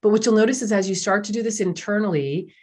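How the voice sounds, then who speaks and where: A woman's voice: medium pitch, fast talker, darkish tone, slightly rough. A middle-aged woman, a doctor guest in an interview, talking in an enthusiastic, chatty way with many fillers. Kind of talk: casual interview talk.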